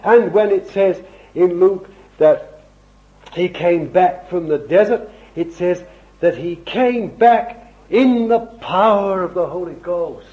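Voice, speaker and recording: Fervent slow-preaching man, lo-fi recording. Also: high voice. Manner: fervent, repeated rhetorical questions, swings from loud to hushed. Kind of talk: sermon. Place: evening meeting in a room with a congregation. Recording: dull lo-fi recording.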